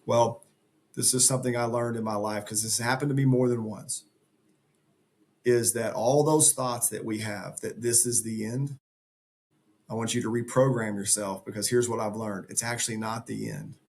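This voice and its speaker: A middle-aged man with a gravelly, fry-touched voice, speaking as a podcast guest. He talks earnestly and with motivational emphasis, pressing his points home. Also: lowish voice, steady tone, moderate pace, a little mellow. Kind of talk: conversational interview.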